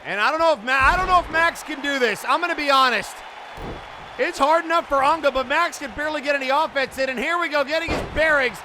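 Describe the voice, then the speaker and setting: A man calling play-by-play for an online wrestling show, excitable and bursting into frantic shouting at big moments. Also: very high voice, quick pace. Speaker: wrestling commentator. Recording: loud music and crowd noise behind.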